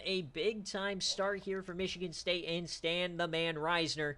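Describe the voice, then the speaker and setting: Male stream host, bright punchy voice, hype-man sports commentary with trash talk. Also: high voice, unhurried. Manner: excitable, trash-talking, casual slang. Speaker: online dynasty league streamer.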